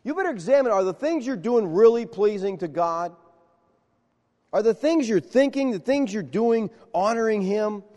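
Man, pastor preaching, high voice, lively pitch, reverberant hall. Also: moderate pace. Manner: animated storytelling, acts out dialogue. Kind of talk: sermon.

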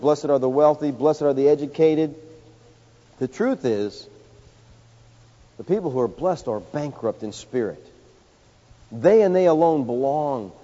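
Preacher man in a reverberant hall. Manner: emphatic, rising to loud peaks then dropping low. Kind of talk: sermon. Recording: dull sound with long hall reverb.

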